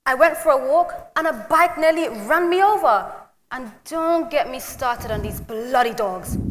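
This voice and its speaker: A woman's voice: high-pitched, fairly bright tone, long reverb tail. A woman with a British accent playing a complaining, easily alarmed woman back home from England in a comedy skit.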